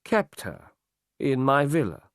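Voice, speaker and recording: A cold, arrogant crime boss speaking slowly and threateningly, as a man reads him in an audiobook. His pitch swings widely between lines. The recording is dry and close. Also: huge pitch swings, dry recording, full character voice. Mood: menacing. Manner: slow, threatening.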